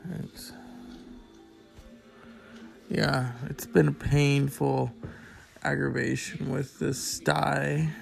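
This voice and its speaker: A man's voice: mid-range voice, gravelly. A tired man hosting his own show, chatting in a rambling, casual way with crude asides and plenty of swearing.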